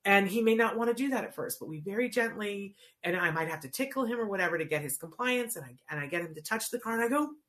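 A woman's voice: mid-range voice, expressive, fast talker, hardly any pauses, fairly bright tone. A woman coaching parents on teaching a child words, explaining casually and often checking in with "right?". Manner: conversational, checks in with frequent "right?". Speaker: child language therapy coach.

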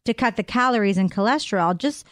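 A woman's voice: a little high, animated, fast, no echo, clean studio sound. A woman co-hosting a radio show, chatty and laughing easily as she reads tweets and shares tips. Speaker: radio co-host. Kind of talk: casual radio banter. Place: dry radio studio. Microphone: studio mic.

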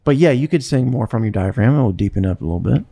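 A woman's voice: very deep voice, expressive, fast talker, gravelly, mellow, breathy edge, no echo. A woman co-hosting a radio show, talking casually and laughing easily. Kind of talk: casual studio banter.

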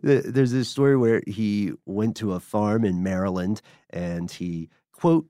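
Low-voiced man explaining history. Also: dark tone, dry recording, clean studio sound. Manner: explanatory, measured, chuckles often. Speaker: podcast co-host. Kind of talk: casual history chat.

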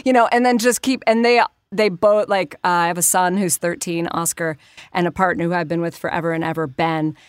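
A middle-aged woman voice actor in a casual interview, animated and prone to slipping into character voices. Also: lowish voice, fairly quick, clean tone, no room sound, clean studio sound. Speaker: voice actor and voice director.

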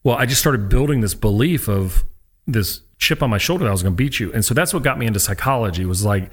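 Fast-talking man telling stories. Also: on the low side, husky. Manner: animated storyteller who acts out quotes. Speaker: guest, former college pitcher. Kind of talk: casual storytelling.

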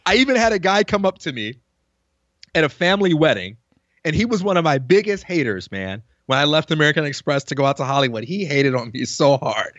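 Speaking a little high and fairly quick, a New York man appearing as a podcast guest animatedly tells career stories in a casual interview, mimicking the voices of people he quotes. The audio is lo-fi and has no echo.

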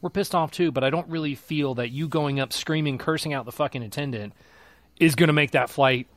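A man's voice: a little high, brisk, fairly bright tone, no echo. A young man in casual podcast chat, rambling through a story and swearing freely. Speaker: podcast co-host.

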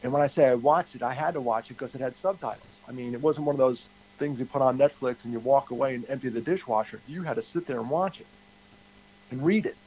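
A man's voice: mid-range voice, fast, a little mellow, slight background noise, rough recording. A man in his fifties answering interview questions candidly, rambling and restarting his sentences often. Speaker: guest, TED speaker.

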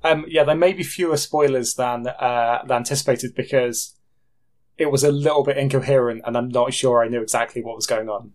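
A man's voice: mid-range voice, fairly even intonation, brisk. A man, co-hosting a podcast and recapping a film plot in a loose, self-correcting way. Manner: rambling, self-correcting, laughs at himself. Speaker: podcast co-host. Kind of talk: casual film review chat.

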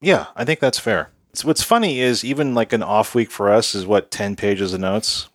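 A man co-hosts a casual podcast, talking in an easygoing, reflective way and hedging as he thinks aloud. His voice is fairly low. The sound is dry and close. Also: moderate pace, dry recording. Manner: easygoing, reflective, many hedges and restarts. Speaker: podcast co-host.

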